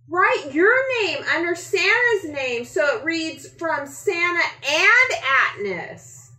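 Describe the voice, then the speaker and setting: A woman's voice: very high voice, big pitch swings, takes it slowly, pushed and bright, pitched above the performer's own voice, full character voice. A woman doing an eager young boy. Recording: echoey room.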